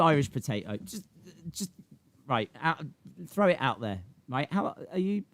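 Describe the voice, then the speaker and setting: A man's voice: mid-range voice, big pitch swings, a little slow. Rambling, fretful male streamer. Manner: rambling, frets aloud while reading chat. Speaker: live stream host. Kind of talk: casual live watch-along chat.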